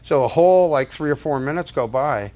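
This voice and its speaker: A man's voice: fairly high pitch, lively intonation, brisk, a little mellow. An older man telling a personal story to an audience, rambling casually with many restarts and fillers. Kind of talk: casual spoken anecdote.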